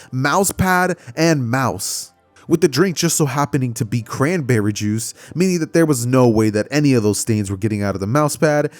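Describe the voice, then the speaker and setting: Man, casual storyteller, animated, conversational, lively pitch, dry close sound. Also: dry recording. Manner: animated, conversational, frequent fillers. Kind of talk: casual fan-fiction storytelling.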